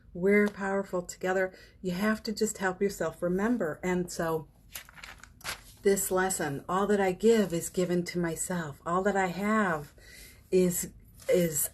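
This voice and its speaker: A woman hosting a live morning session, talking casually and encouragingly about a spiritual practice, with fillers and little laughs. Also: fairly low pitch. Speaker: host of a daily live session. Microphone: phone or webcam on a live stream.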